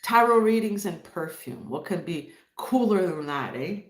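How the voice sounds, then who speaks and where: A woman's voice: lowish voice, animated, a little slow, roomy sound. A woman from Montreal hosting a live stream, chatting casually and greeting viewers by name as she reads the chat. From Montreal, Canada. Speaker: livestream host.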